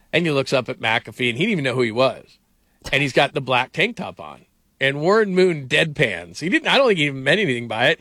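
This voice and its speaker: A man's voice: medium pitch, bright, forceful tone, dry recording, studio quality. A middle-aged man hosting a sports talk radio show, rambling through stories with lots of fillers. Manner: rambling storyteller, heavy on fillers.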